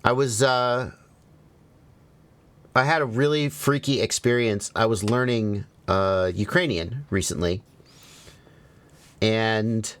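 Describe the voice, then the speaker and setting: A man hosting a livestream, chatting casually and telling stories, his pitch leaping up when he acts out a thought. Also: clear, resonant tone. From American South. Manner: animated storyteller, jumps high on quoted asides. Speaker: livestream host.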